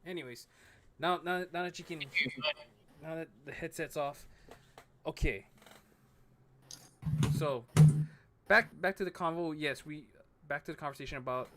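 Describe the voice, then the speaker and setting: A man hosting a casual podcast chat on a headset mic, halting and repeating words as he talks. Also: fairly high pitch, fairly even intonation, sharp tone, a little hiss or hum. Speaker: podcast host.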